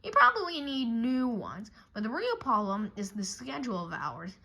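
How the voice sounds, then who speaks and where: A woman voicing a calm, reassuring father bear in a storybook reading. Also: fairly high pitch, moderate pace, husky, exaggerated voice.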